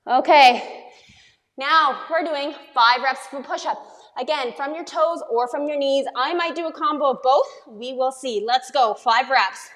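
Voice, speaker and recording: A woman's voice: sits high, unhurried, fairly bright tone, long reverb tail. A young woman fitness coach leading a workout, upbeat and encouraging as she counts reps aloud. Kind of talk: workout instruction.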